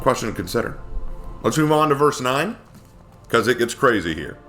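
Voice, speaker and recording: A man teaching a casual Bible study, expressive and acting out quoted lines in character voices. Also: medium pitch, moderate pace, soft background music.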